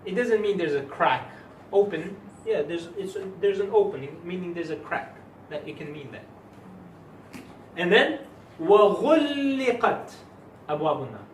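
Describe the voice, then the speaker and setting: Here the Islamic teacher talks fast in a slightly high voice, emphatic as he quizzes his students through a religious lesson. The recording comes from a distance in an echoey room, with a little background noise.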